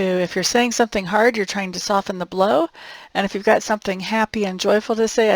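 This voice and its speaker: A woman talks through a monthly tarot forecast in an easy, conversational manner. She laughs often and thinks aloud, trailing off and restarting as she reads the cards. Her voice sits at a middle pitch and sounds close and dry. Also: no echo, rough recording. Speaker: tarot reader.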